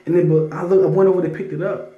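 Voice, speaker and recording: A man telling a spiritual testimony in casual talk, stammering through restarts and breaking into loud scripture readings. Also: high-pitched, flat delivery, very fast, narrow, tinny audio. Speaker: testimony storyteller. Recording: roomy echo.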